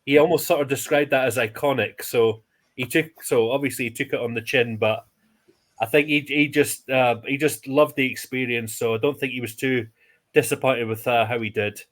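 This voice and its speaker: A man's voice: mid-range voice, fairly even intonation, normal speed. A man co-hosting a casual podcast, hesitant with fillers as he talks. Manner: hesitant, lots of fillers and restarts. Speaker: podcast co-host. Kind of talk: casual chat.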